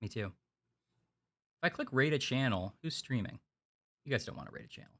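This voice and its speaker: A man's voice: mid-range voice, animated, a little fast, fairly bright tone. A man streaming a video game, chatting casually and rambling with restarts. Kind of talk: casual gameplay banter.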